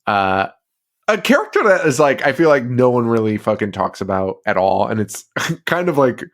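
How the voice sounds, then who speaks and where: A man's voice: medium pitch, sing-song, moderate pace. Profane, laughing podcast man. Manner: profane, laughing, recounts plot with put-on quotes. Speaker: podcast co-host. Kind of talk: casual movie recap chat.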